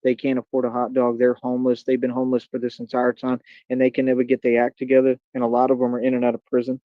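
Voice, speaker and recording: A man's voice: mid-range voice, monotone, quick pace, no room sound. A man hosting his own live stream, taunting his critics in a combative, repetitive way. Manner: combative, taunting, repeats catchphrases. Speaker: livestream host. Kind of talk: casual live-stream rant. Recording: dull, dry home stream audio.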